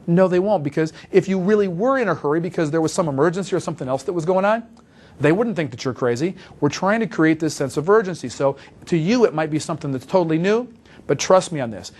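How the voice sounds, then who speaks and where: A man delivers a sales training talk at a rapid clip, his voice sitting a bit high for a man. He sounds brisk and emphatic and repeats key points for stress. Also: expressive, darkish tone. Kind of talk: instructional talk with role-played phone calls.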